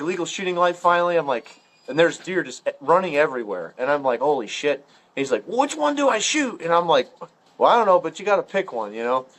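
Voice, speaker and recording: A man with a somewhat higher voice spins a long, rambling hunting yarn in casual chat. He is loose and profane, and he jumps his pitch up whenever he acts out what someone said. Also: a bit bright. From Ohio. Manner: rambling, profane storyteller full of filler words. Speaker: podcast guest storyteller.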